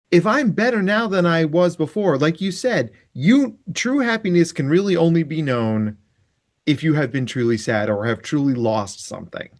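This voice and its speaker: Animated man podcast host. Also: on the high side, normal speed. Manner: animated, chatty, explains concepts. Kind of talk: casual podcast chat.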